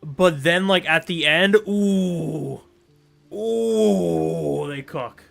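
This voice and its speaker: A man from Europe with a fairly high voice chats loosely as he streams a game, joking and rambling and breaking into laughter often. Faint game music plays under his talk. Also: extremely slow, gravelly, a bit bright. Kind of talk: casual gameplay commentary.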